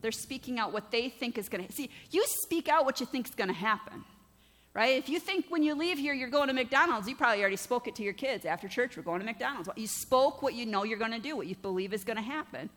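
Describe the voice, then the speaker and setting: A woman's voice: a little high, quick pace. Woman pastor preaching in an echoey hall. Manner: conversational and lively, asks the congregation "right?". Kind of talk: sermon. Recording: long church-hall reverb.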